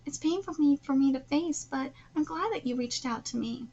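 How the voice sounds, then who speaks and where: A woman's voice: sits high, a little fast, dark tone, muffled recording, a little hiss or hum. A woman voicing an obsessive young female villain, reading manga dialogue aloud in a plain, slightly hesitant way. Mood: subdued.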